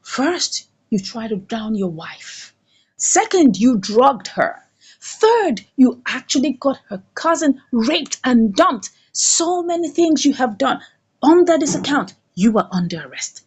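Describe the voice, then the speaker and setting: A woman's voice: high voice, very animated, takes it slowly, breathy edge, heavily acted. A woman voicing a stern male police officer who bluntly lists charges.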